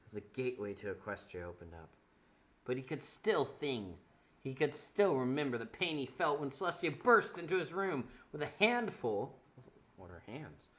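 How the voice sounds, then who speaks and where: Mid-range and a bit bright, the voice belongs to a young comedic reader performing a terrible fanfic with mock drama. He mocks the writing sarcastically, laughing and tossing off wry asides.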